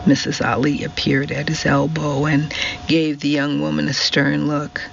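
A man narrating a novel in an unhurried, even reading voice. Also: a little high, vocal fry. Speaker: audiobook narrator. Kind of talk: scripted narration. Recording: dull recording with faint hiss.

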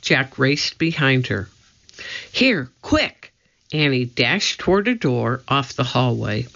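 Slow gravelly male storyteller. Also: medium pitch, animated, pushed and bright. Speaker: audiobook narrator. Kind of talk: scripted narration. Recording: slightly dull lo-fi audio.

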